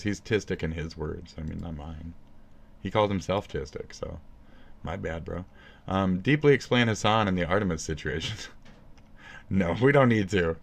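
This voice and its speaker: A man with a deep, low voice rants into his phone mic. He rambles and swears nonstop, piling sarcasm into loose, profane commentary. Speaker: streamer commenting on another streamer. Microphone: phone recording.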